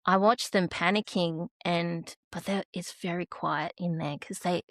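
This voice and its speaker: A woman's voice: fairly low pitch, steady tone, unhurried, a bit bright, dry recording. An Australian woman, a podcast guest, telling an emotional personal story. She is close to tears and often restarts her sentences.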